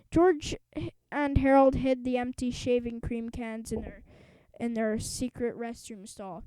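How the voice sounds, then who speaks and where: A woman reading a children's storybook aloud in a lively, expressive way. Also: fairly high pitch, clear, resonant tone, no echo, rough recording. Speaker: audiobook reader. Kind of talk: storybook read-aloud narration.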